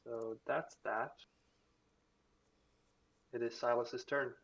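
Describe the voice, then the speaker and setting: A man narrating a tabletop game as game master, unhurried, with frequent fillers and chuckles. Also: medium pitch, steady tone, vocal fry, fairly bright tone, lo-fi sound.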